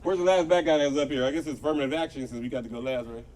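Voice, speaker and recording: A man's voice: medium pitch, rapid-fire, recorded from a distance, heavy background noise. A man doing a crude stand-up comedy set at an outdoor show, telling stories with voiced quotes and talking to the crowd. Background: crowd laughing.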